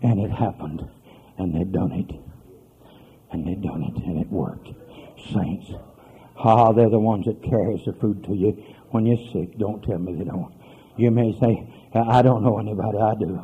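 A man preaching a holiness sermon as a pastor, moving between hushed storytelling and loud hollering. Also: sits low, measured pace, pauses often, husky, phone-quality sound. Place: church.

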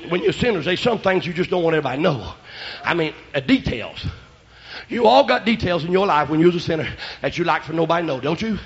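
A man preaching a revival sermon and telling his testimony, shouting in bursts, then dropping to quiet asides. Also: fairly high pitch, lively intonation, fast. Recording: lo-fi church recording.

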